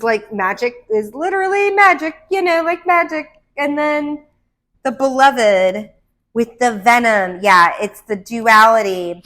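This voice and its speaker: A woman giving a casual tarot card reading at home, rambling and excitable, with gasps and laughs between her thoughts. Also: a little high. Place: indoor room. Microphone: camera mic.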